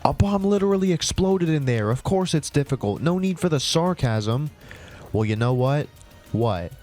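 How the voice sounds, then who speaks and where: A man's voice: a little high, normal speed, soft background music. A man giving a comedic reading of his own old story, voicing every character in turn and breaking off with sarcastic, cringing asides. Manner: sarcastic, cringing outbursts between flat reading. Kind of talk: comedic dramatic reading with commentary.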